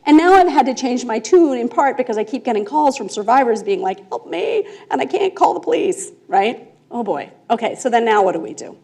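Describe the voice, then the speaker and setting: A woman speaking at a conference, telling a case story in an animated way, laughing often and checking in with "right?". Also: fairly high pitch, a little fast. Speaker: conference speaker, restorative justice facilitator. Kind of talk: storytelling talk to a conference audience. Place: conference room.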